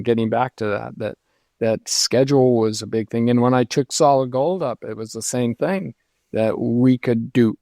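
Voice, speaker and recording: An older man recalls his career in an unhurried, reflective way, full of ums and restarts. His voice sits at an ordinary pitch. The sound is dry and close. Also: a little mellow, no echo. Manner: reflective storytelling, many fillers. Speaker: guest, lighting designer. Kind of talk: casual interview conversation.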